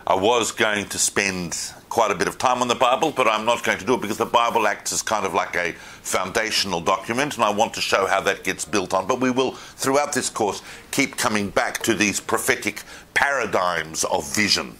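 Bright-voiced man lecturing a room. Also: on the low side, moderate pace, hardly any pauses. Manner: animated, asks the room questions. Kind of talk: informal class lecture.

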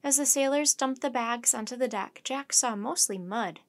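A woman storyteller reading a children's chapter book aloud in a gentle, measured way. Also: fairly high pitch.

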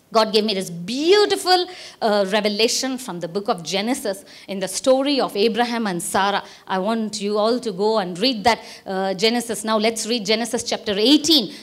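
A woman pastor with an Indian English accent delivers a sermon in a high, bright voice. She preaches emphatically, swinging up into exclamations and repeating her key lines for weight.

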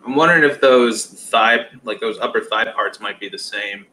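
A man co-hosting a casual toy chat, speaking in a relaxed, offhand way with some casual swearing. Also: lowish voice, moderate pace, slight background noise, rough recording. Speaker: co-host on live chat. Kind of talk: casual live chat about toys.

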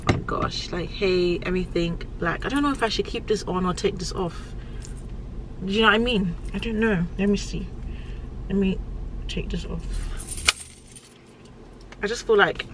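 A young woman talks into a camera she holds herself, rambling from one thought to the next and breaking into laughter. Her voice sits at a medium pitch, and a faint noise lies underneath. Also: a bit bright, low-quality recording. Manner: rambling and chatty, laughs often. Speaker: vlogger. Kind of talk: casual vlog chat to camera.

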